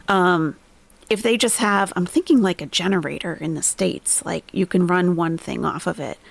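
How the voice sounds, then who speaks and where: A woman's voice: on the low side, creaky, no echo. A woman live-streaming commentary, chatting and reading out viewer comments. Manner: chatty, muses aloud, reads viewer comments.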